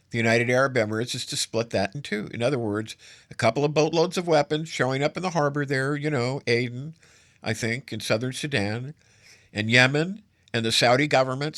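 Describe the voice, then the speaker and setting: A man's voice: medium pitch, a bit bright, dry recording, studio quality. A man hosting solo political commentary, sarcastic and emphatic, stacking up adjectives as he argues.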